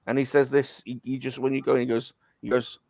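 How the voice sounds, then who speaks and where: Bloke w a gravelly voice, dry sound, just rambling and repeating himself as a guest. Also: male voice, mid-range voice, flat delivery, fast, darkish tone, no room sound. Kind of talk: casual chat.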